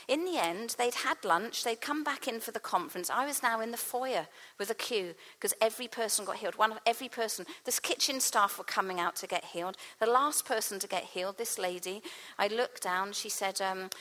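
A woman's voice: mid-range voice, fairly bright tone. A woman preaching a sermon, telling a personal story with passion and acting out what people said. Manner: impassioned storytelling, acts out quoted speech. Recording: reverberant hall.

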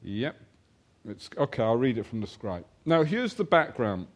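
A man preaching a sermon, telling a personal story and then reading scripture, slowing down to stress key points. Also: mid-range voice. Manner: animated storytelling, slows for emphasis.

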